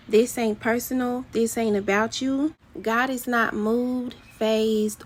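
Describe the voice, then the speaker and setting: Fervent woman delivering a prophetic word. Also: on the high side. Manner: fervent, repetitive declarations; casual slang mixed with scripture reading. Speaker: prophetic minister.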